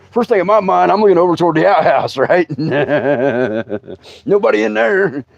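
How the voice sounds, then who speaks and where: A middle-aged man with a drawl spins a funny campfire-style yarn on a livestream. His voice sits a bit high and leaps all over the place as he laughs along. The sound is dry and slightly dull. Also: slow, gravelly, no room sound. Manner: animated, laughing through his own story, breaking into loud outbursts. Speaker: comedian host. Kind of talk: comic storytelling livestream.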